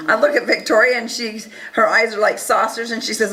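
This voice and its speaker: A woman telling an audience a first-person story in an earnest, animated way, acting out the dialogue. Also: fairly high pitch, a little fast, slight background noise, low-quality recording. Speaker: speaker recounting events to an audience.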